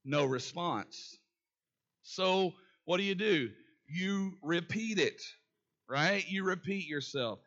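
High, bright-voiced preacher man. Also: expressive, takes it slowly, highs cut off. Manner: calls out to the congregation with call-and-response questions. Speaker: pastor. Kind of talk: sermon.

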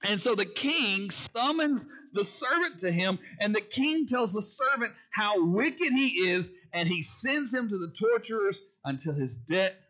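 This male pastor's sermon comes in a high, bright voice, animated yet a little slow, with hardly any pauses. He repeats his key phrases and throws questions out to the congregation, all captured in a dull, lo-fi recording.

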